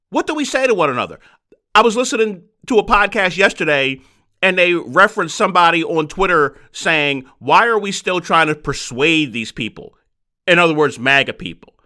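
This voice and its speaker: A man hosting a solo podcast, talking in an animated, rhetorical way. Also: on the high side. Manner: animated, rhetorical, mocking quoted voices. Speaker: podcast host.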